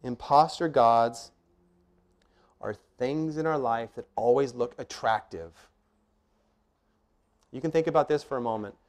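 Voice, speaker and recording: A man's voice: mid-range voice, measured pace, long pauses. Earnest male pastor preaching a sermon. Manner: earnest, emphatic preaching with rhetorical questions and numbered points.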